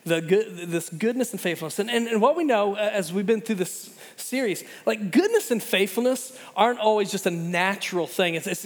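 A middle-aged male pastor giving a sermon and prayer in a church, speaking earnestly and conversationally with self-deprecating humor. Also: high voice. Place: church sanctuary. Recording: long church hall reverb.

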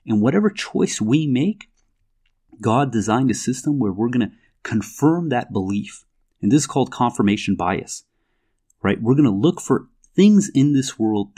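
A man giving a measured, explanatory talk on scripture, reading verses aloud and pausing often with fillers. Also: mid-range voice, warm tone. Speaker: religious commentator.

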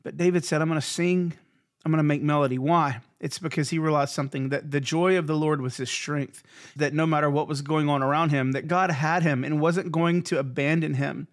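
Pastor, male, podcast devotional; earnest, encouraging, slightly higher voice, repeats lines for emphasis. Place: Houston area.

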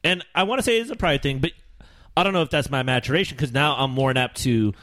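Quick, animated swearing man. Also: mid-range voice. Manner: animated, swears freely, acts out his own thoughts. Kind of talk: casual chat.

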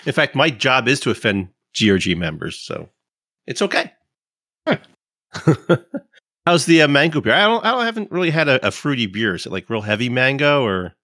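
A man's voice: medium pitch, sing-song, moderate pace, sharp tone, no echo, clean studio sound. A man hosting a gaming podcast, chatting casually and teasing his guests. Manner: joking, teasing. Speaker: podcast host.

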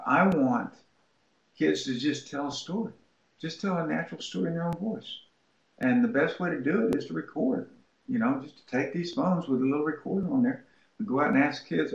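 A man telling animated stories in a roomy, dull recording. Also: on the high side, gravelly. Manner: animated anecdotes, acting out quoted voices. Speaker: writing instructor, interview guest. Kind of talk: storytelling interview answer. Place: his home office.

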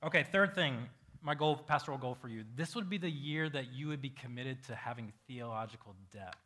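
A male pastor preaching a sermon to a congregation, telling stories with lively acted-out quotes. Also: medium pitch, brisk. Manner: animated storytelling, acting out quoted voices. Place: church hall with a congregation.

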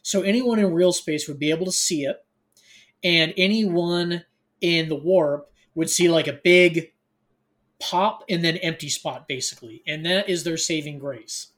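A man's voice: fairly high pitch, unhurried, a bit bright. A man co-hosting a podcast, recapping a novel in loose, filler-heavy casual chat with wry teasing. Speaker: podcast co-host.

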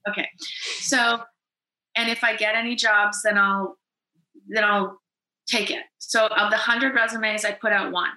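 A woman in her late thirties, a guest from Winnipeg telling her story in a lively, casual way and acting out her own past dialogue. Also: mid-range voice, a little slow, long pauses. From Winnipeg, Canada. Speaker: interview guest. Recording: echoey room.

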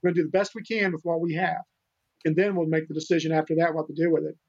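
High-voiced earnest man on dull audio. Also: flat delivery, rapid-fire, creaky. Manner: earnest, rambling, many restarts. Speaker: podcast guest, animal rescuer. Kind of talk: casual interview storytelling.

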